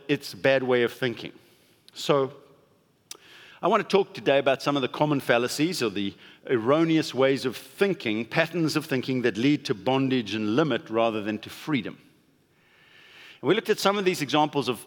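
A man pastor giving a conversational sermon, leaning hard on stressed words for emphasis. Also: mid-range voice. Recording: long hall reverb.

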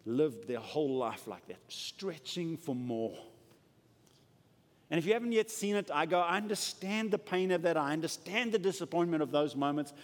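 A man preaching a sermon and praying aloud, moving from loud declarations to hushed, intimate lines. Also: fairly high pitch. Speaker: pastor. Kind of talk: sermon with prayer. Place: church. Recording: church hall with long reverb.

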